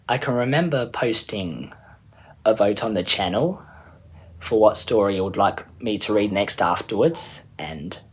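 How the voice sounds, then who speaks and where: A man reading his own story aloud in a casual, chatty way as the channel's storyteller. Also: fairly low pitch. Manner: casual, chatty, a little rambling.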